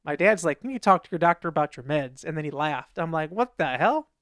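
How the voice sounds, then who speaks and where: A podcast co-host with a slightly high, bright, clear and resonant voice talks fast in a casual chat. He rambles through anecdotes and acts out what people said in raised voices. The recording is dry and clean, studio quality.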